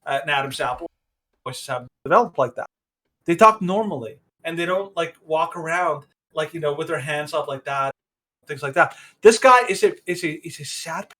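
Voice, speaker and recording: A male podcast co-host gives casual, opinionated commentary in a rather high voice. He talks emphatically, starting over and rephrasing often as he works through his point. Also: expressive, moderate pace, bright, forceful tone. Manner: opinionated and emphatic, rambling with many restarts.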